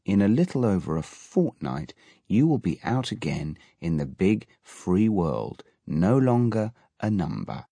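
A man's voice: sits low, big pitch swings, unhurried, gravelly, warm tone, breathy edge, no echo, exaggerated voice. A man voicing a tired, weary male prison governor with a disdainful manner.

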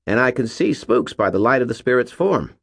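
A man's voice: medium pitch, very animated, a little fast, gravelly, husky, pitched above the performer's own voice, heavily acted. A man voicing a skinny nerdy young man who talks earnestly and eagerly.

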